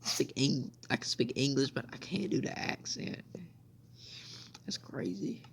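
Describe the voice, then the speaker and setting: Young male game streamer, very gravelly voice, loose rambling chatter, faint hiss behind. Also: mid-range voice, animated, unhurried. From United States. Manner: rambling, repeats "I mean" and "bro". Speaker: gaming channel host. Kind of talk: casual gameplay commentary.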